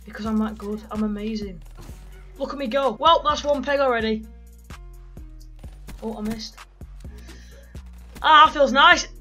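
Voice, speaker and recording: A teenage boy giving excitable gaming commentary, yelping and swearing freely as he plays. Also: high voice, moderate pace, long pauses, soft background music. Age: teens. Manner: excitable, loud, swears a lot, yelps in pain. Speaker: gaming YouTuber.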